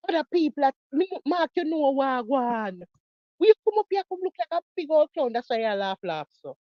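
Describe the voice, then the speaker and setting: A woman's voice: high voice, lively intonation, normal speed, no echo, lo-fi sound. A Jamaican woman giving heated reaction commentary on a video, mocking and repeating herself.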